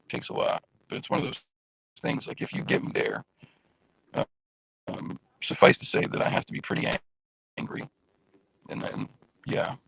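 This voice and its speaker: A man with a raspy voice hosting a casual livestream, chatting loosely and directly to his viewers over a phone. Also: normal speed, pauses often, a bit bright, dry recording, rough recording. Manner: rambling, chatty, talks straight to viewers. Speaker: livestream host.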